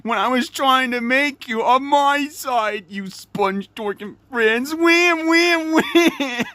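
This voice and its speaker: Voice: sits high, takes it slowly, pushed and bright, no echo, voice pushed up, full character voice. A fan performer doing a mocking impression of a whiny, bossy ghost pirate captain in a homemade cartoon. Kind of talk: fan-made cartoon voice acting.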